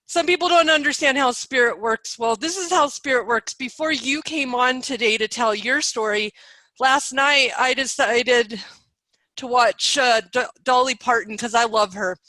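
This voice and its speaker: A woman's voice: fairly high pitch, normal speed, pushed and bright, dry recording, poor audio. A woman in her thirties hosting a podcast, talking in an emotional, spiritual, chatty way. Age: 30s. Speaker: podcast host. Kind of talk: casual interview chat.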